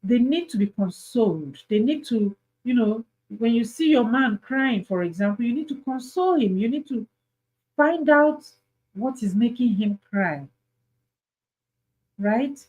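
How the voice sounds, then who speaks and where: Slow earnest Nigerian woman. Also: on the high side, animated, darkish tone, slightly rough, poor audio. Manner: earnest, pleading, repeats points. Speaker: host. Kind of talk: advice talk to camera.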